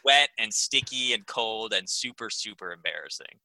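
A young man playing a tabletop role-playing game, describing his character's actions with animated, self-mocking humor. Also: fairly low pitch, normal speed, a little hiss or hum, poor audio. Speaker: player.

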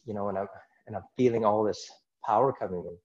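Low-voiced man telling an earnest story. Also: fast talker, darkish tone, highs cut off. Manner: earnest, rambling, many "it's like" asides. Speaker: podcast guest. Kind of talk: personal storytelling in a casual interview.

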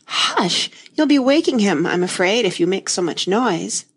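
A woman's voice: mid-range voice, animated, measured pace, breathy edge. A woman reading an audiobook, voicing a contrary, sulky twin brother. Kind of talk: audiobook character voice.

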